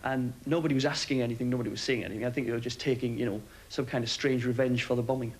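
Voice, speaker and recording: A former RAF aircrew member recounts events for a documentary interview, speaking quickly in a steady, matter-of-fact way with barely any pitch movement. The low-quality recording carries a faint hiss.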